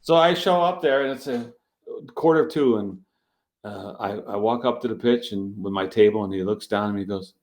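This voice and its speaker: A street magician with a voice on the low side tells a story at a brisk pace in a casual interview. He's an animated storyteller, acting out the other people's lines as he goes.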